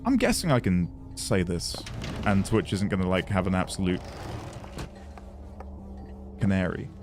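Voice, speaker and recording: A man's voice: deep voice, sing-song, measured pace, background noise. Chatty male game streamer. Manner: chatty, reads chat and game text aloud. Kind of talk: casual gaming commentary.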